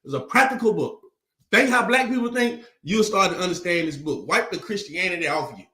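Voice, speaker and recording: Emphatic male preacher, high and very animated, slangy delivery. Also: brisk. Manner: emphatic, slangy, repeats words. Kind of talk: sermon teaching. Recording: echoey room.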